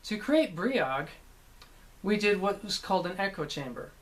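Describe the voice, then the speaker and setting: A man, a voice actor, casually recalling his work, rambling with many pauses and restarts. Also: high-pitched, big pitch swings. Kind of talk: casual anecdotal talk.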